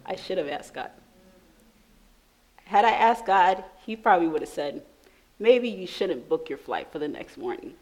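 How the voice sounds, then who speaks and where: A woman from New York telling a lively personal testimony in church, laughing often as she speaks. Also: fairly low pitch, moderate pace, long pauses, poor audio. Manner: animated storytelling, laughing often. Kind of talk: sermon testimony.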